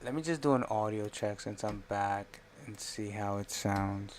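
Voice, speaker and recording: A man's voice: fairly low pitch, a little slow, slight background noise. A man live-streaming while he works on a design, thinking aloud in a rambling, self-correcting way.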